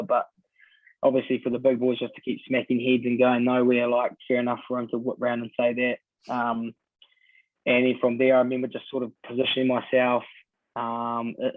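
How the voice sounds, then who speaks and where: A New Zealand man in his twenties, a podcast guest telling stories in a relaxed way, full of ums and sort-ofs. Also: medium pitch, dry recording. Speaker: guest rugby player. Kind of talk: casual podcast chat. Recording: dry, tinny phone-like sound.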